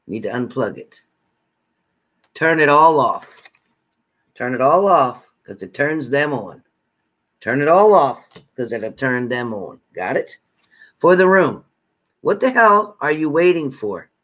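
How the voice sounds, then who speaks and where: A man's voice: on the high side, animated, a little slow, fairly bright tone. A man acting as a psychic card reader, giving blunt zodiac messages in profane, repetitive, bossy tough-love commands.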